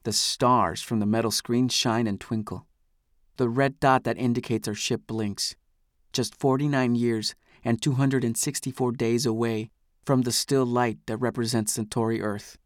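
A man reading first-person scripted narration for an audiobook in a measured, even manner. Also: mid-range voice, no echo, clean studio sound.

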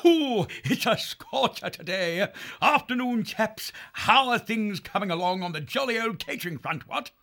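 A booming posh woodland charmer. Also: male voice, moderate pace, creaky, hardly any pauses, exaggerated voice. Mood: jolly. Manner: hearty, upper-class, flattering, booming. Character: breezy posh male woodland creature, greedy charmer. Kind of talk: full-cast audiobook acting.

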